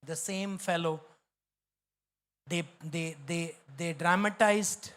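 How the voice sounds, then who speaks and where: A man's voice: on the high side, fairly even intonation, slow, a bit bright. A man with an Indian English accent, a pastor preaching a sermon in an emphatic, repetitive way, slipping into Hindi.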